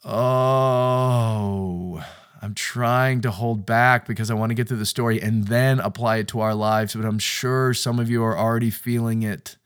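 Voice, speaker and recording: A man giving a sermon-style podcast talk, stressing his points by repeating phrases and moving from hushed near-whispers to loud bursts. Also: mid-range voice, fairly even intonation, unhurried, smooth.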